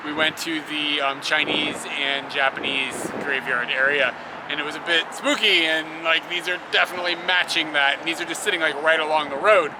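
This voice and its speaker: A slightly high-voiced man chats loosely on a travel vlog, rambling from one thought to the next and laughing often. He's outdoors with traffic and street noise clearly audible around him. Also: steady tone, moderate pace. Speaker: travel vlogger. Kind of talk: casual travel chat. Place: outdoors on a motorbike trip.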